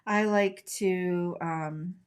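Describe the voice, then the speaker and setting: A woman's voice: fairly low pitch, steady tone, extremely slow. Middle-aged American woman hosting a live craft stream, friendly running commentary while she works. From United States. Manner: chatty, talks to viewers while coloring. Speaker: craft tutorial host.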